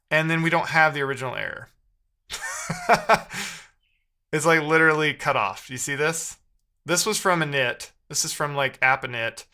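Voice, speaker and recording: A man's voice: fairly high pitch, normal speed, pauses often, pushed and bright. A man live-streaming himself debugging code, thinking aloud and trading sarcastic banter with his chat. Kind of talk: casual live-stream coding commentary.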